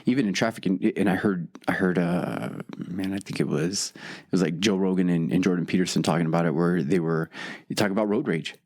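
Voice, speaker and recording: A man with a low voice talks fast on a faith-based podcast, telling everyday stories with animated energy. He keeps checking in with "you know what I mean" as he rushes ahead. The sound is close and clean, as from a studio podcast mic. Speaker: podcast co-host. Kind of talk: casual faith-based chat.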